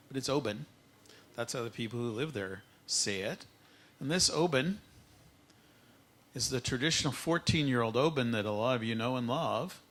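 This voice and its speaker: A man teaching a live whisky tasting masterclass at an expo, playful and lively, drawing out words for effect. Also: mid-range voice. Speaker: whisky educator.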